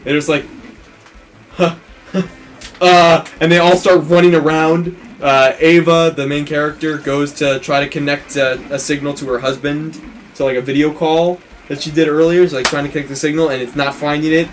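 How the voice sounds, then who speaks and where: A man's voice: fairly high pitch, flat delivery, fairly quick, a little hiss or hum. A man co-hosting a let's play, casually retelling a film plot in a rambling way, with many restarts and acted-out quotes.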